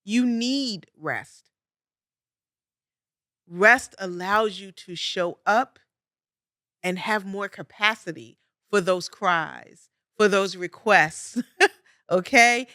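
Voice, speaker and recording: A woman's voice: medium pitch, takes it slowly, long pauses, pushed and bright, no room sound, studio quality. A middle-aged woman hosting a podcast, giving conversational advice with emphatic repetition and frequent light laughs. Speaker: podcast host. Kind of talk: conversational coaching monologue.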